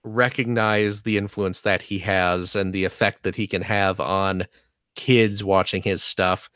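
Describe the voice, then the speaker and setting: A man co-hosting a podcast, talking in an earnest, halting way with jokey asides. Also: low-pitched, steady tone, a bit bright, smooth, no echo, clean studio sound. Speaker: podcast co-host. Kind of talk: casual podcast chat.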